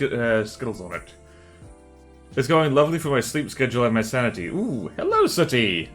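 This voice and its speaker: A man's voice: mid-range voice, a bit bright. A man streaming while drawing, chatting casually, muttering to himself and joking with viewers. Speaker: art streamer.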